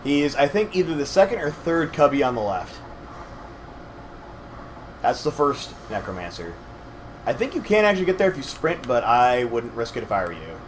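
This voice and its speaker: A young man walking his partner through a video game, his voice slightly scratchy and his tone mid-pitched. He explains things patiently and hedges his claims with self-deprecating asides. A faint hum runs underneath. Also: sing-song, normal speed, pauses often. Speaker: co-host gamer guiding his partner. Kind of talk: casual let's-play commentary.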